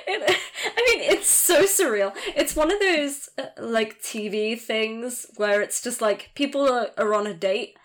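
A woman's voice: on the high side, lively intonation, a little slow, few pauses. A young woman co-hosting a casual podcast chat, talking loosely with lots of fillers and frequent laughter. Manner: chatty, giggly, lots of fillers. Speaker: podcast co-host.

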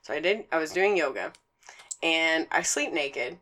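A woman's voice: low-pitched, unhurried. A young woman co-hosting a podcast, telling a story in casual chat with lots of swearing and frequent laughter. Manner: profane, animated storyteller who laughs often. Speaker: podcast co-host.

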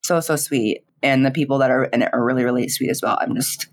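A young woman, a streamer, chatting in an interview in a giggly, animated way, full of fillers and quoted dialogue. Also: extremely low pitch, fast. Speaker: streamer and content creator. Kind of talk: casual interview chat.

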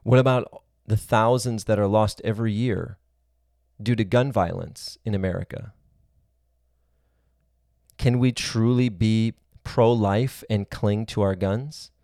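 A man's voice: on the low side, measured pace, dark tone, no room sound, clean studio sound. A man giving a sermon-style teaching, earnest and reasoning aloud, building his points in long spoken lists.

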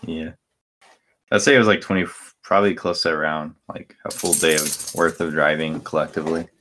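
A man's voice: a bass voice, steady tone, moderate pace, fairly bright tone, a little hiss or hum. A young man co-hosting a podcast, chatting casually with lots of fillers and restarts. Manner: rambling with many fillers and restarts. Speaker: podcast co-host. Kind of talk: casual chat.

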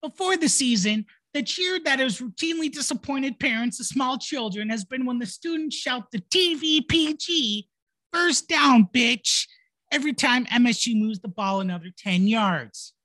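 A woman with a high, expressive, fairly bright voice mockingly reads aloud a complaint letter, voicing its author as a whiny middle-aged dad. She speaks at a moderate pace, sounding indignant and whiny.

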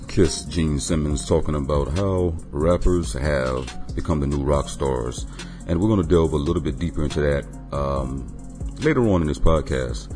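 A man hosting his own music podcast, talking loosely with many ums and uhs. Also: rumbling low. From Florida. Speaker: podcast host. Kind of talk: casual podcast monologue.

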